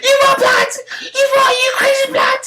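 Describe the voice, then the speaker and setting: A man imitating a skinny young man who screams threats in a shrill, high voice. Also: monotone, normal speed, heavy background noise. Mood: screaming threats. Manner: screeching, shouting street threats. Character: shrill young man, knife-wielding street tough.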